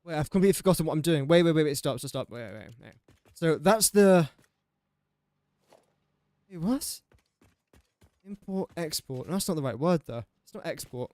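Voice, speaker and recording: A man's voice: fairly high pitch, animated, normal speed, long pauses, a little mellow, no echo, clean studio sound. A young man with an English accent, chatting casually and rambling while livestreaming a building game, often laughing at his own slips. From England. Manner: rambling, self-mocking, chuckles often. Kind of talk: casual gameplay livestream chat.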